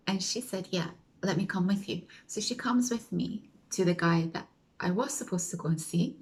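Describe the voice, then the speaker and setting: Chatty and casual, a woman vlogger narrates a story, imitating the people she quotes and sometimes lowering to a whisper. She speaks a little fast at medium pitch, over a rough recording with slight hiss or hum.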